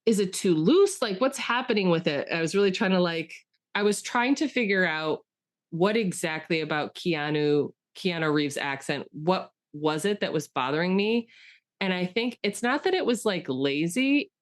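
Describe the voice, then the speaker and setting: A woman's voice: fairly low pitch, lively intonation, moderate pace. A woman co-hosting a podcast, talking enthusiastically about a film in casual chat with lots of fillers. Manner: chatty, enthusiastic, with frequent fillers and restarts. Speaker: podcast co-host.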